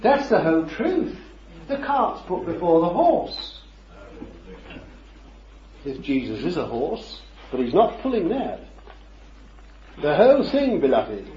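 In a roomy, dull lo-fi recording, a man with a slightly high, mellow voice preaches a sermon conversationally, sprinkling in rhetorical questions and chuckles.

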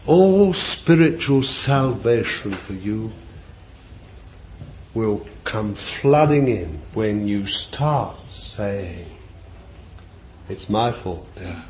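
A male preacher delivers a sermon slowly and deliberately, stretching out words and lingering on them. His voice is highly animated, dropping to quiet musing and rising to loud cries. The recording is dull and lo-fi, with a faint ambient hiss behind him. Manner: slow and deliberate, drawing out words.

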